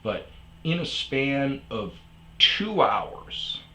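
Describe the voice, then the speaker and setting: A man's voice: mid-range voice, very animated, very slow, bright, forceful tone, roomy sound, rough recording. A man hosting his own podcast, telling a rambling casual story full of fillers and asides. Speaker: podcast host. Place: sparse room at home.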